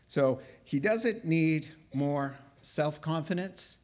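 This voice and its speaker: A man preaching a sermon, animated, acting out biblical dialogue with a sarcastic edge. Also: medium pitch, measured pace.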